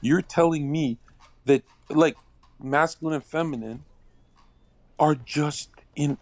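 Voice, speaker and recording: A man's voice: a little high, slow, pauses often, a little mellow, dry recording. A man calling in to a casual chat, provocative and crude, laughing at his own bits. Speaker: caller.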